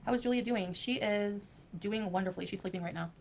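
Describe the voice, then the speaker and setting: A woman's voice: mid-range voice, fairly quick, gravelly, slight background noise. A woman rambling defensively while chatting on a livestream.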